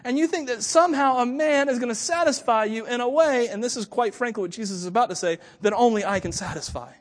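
A man preaching a storytelling sermon, animated, with frequent chuckles and stammered restarts. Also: very high voice, fast talker. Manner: chuckles often while talking.

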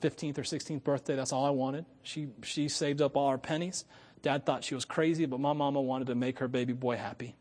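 A middle-aged male pastor preaching a storytelling sermon, moving from hushed asides to loud preaching and laughing at his own tales. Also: mid-range voice, fairly even intonation, a little fast. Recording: long reverb from a large hall.

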